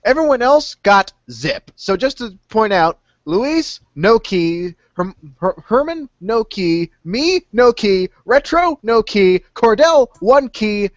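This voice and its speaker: A young man rambling through a casual podcast, his voice a little high for a man. He keeps tossing in the same filler word. The sound is dull, dry and lo-fi, like a voice call. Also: very animated, slow pace, few pauses, dry recording. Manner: rambling, fills speech with "stinking". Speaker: podcast host. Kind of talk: casual chat.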